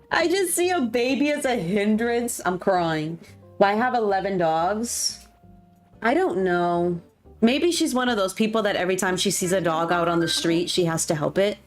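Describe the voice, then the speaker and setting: A woman, streaming a game and chatting casually, gushing and poking fun at herself. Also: mid-range voice. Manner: chatty, gushing, self-mocking. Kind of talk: casual chat while gaming.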